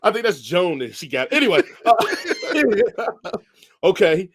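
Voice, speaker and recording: A man with a slightly raised pitch runs quick 'this or that' questions in a casual podcast chat. He agrees with rapid repeated words and laughs along easily. The recording is dry and close. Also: very animated, dry recording. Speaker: podcast co-host. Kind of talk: casual movie review chat.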